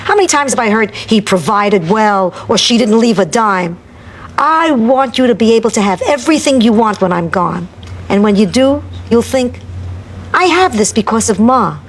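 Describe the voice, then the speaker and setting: A woman's voice: on the high side, animated, normal speed, lightly acted. A feisty old mother in a sitcom, blunt and sly, trading dry barbs as an actress plays her. Her voice rises and falls freely. It comes through noisy TV audio, with studio audience laughter behind it. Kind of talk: sitcom acting.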